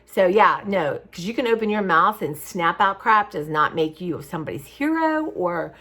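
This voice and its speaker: A woman's voice: on the low side, lively intonation, a little slow, few pauses, a bit bright. A middle-aged woman talking casually and from the heart to her viewers in a rambling vlog. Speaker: craft vlogger. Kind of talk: casual chat to camera.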